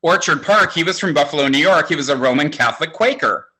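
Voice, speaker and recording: A man's voice: fairly high pitch, quick pace, background noise. A man in his sixties doing a stand-up comedy set, with a campy, conversational, self-mocking delivery. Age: 60s. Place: home, virtual show.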